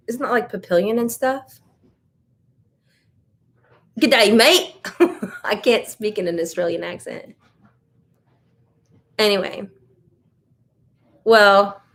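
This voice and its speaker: An American woman chats loosely on her casual live stream, picking up viewer comments as they appear. Her mid-range voice has a fairly bright tone.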